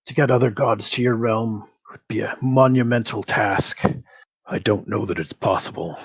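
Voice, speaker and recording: A man voicing a mighty male war god who speaks slowly and formally, with a gravelly, husky voice. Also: lowish voice, fairly bright tone. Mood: solemn. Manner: grave, slow, formal speech.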